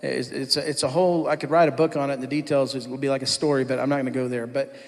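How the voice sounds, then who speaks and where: A man's voice: mid-range voice, flat delivery, very fast. Man giving a testimony in a reverberant church. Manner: conversational storytelling, acting out what others said. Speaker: church worship leader giving his testimony. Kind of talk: personal testimony told to a congregation. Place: church sanctuary. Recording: long church-hall reverb.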